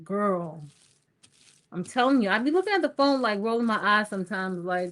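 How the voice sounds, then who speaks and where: A middle-aged woman with a medium-pitched, slightly bright voice and lively intonation speaks at a normal speed. Crafting on a livestream, she chats casually, tells stories, and talks to viewers as "y'all."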